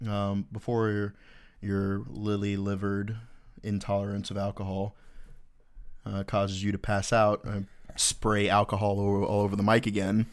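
A man's voice: lowish voice, measured pace, slight background noise. A man hosting a casual podcast, telling profane military stories and acting out the people in them. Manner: profane storytelling with animated quoted voices. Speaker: podcast host.

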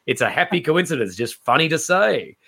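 A man, a stand-up comedian, chatting on a podcast and acting out quoted people in raised, lively voices. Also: fairly high pitch, fairly quick, creaky, husky. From Australia. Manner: animated storyteller, acts out quotes in raised voices. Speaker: comedian guest. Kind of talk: casual podcast chat.

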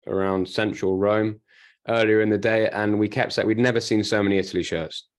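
Casting: male podcast co-host, lowish voice, emphatic, chatty, repeats himself mid-thought. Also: fairly even intonation, brisk. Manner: talkative, emphatic, with frequent restarts. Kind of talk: casual chat.

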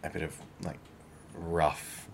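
A man's voice: rumbling low, level tone, takes it slowly, slight background noise. A young Australian man co-hosting a podcast, chatting frankly with many "like" fillers. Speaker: podcast co-host. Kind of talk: casual chat.

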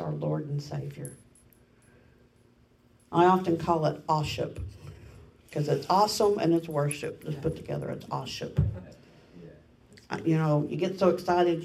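A woman's voice: low-pitched, vocal fry, darkish tone, recorded from a distance, rough recording. A woman family pastor giving a sermon in an earnest, self-deprecating way, laughing at herself.

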